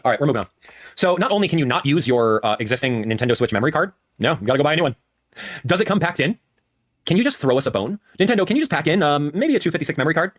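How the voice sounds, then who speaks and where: Animated fast-talking male streamer. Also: on the high side. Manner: animated, repeats phrases for emphasis. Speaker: streamer reacting with chat. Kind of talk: live-stream commentary.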